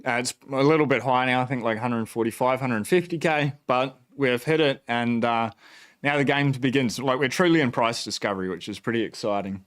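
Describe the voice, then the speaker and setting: An Australian man hosting a casual livestream, excited and profane, rambling with fillers and restarts. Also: mid-range voice, a little fast. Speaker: bitcoin channel host. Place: at home.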